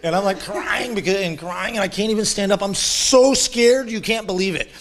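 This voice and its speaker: Excitable man, higher voice, laughing. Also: normal speed. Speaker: shaman guest. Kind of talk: animated storytelling interview.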